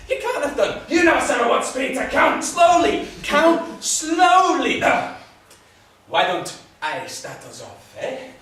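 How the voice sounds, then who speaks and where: An actor playing the coaxing, patient leader of a self-help group. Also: male voice, mid-range voice, lively intonation, takes it slowly, pauses often, fairly bright tone, far from the mic. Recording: echoey room from afar, noisy.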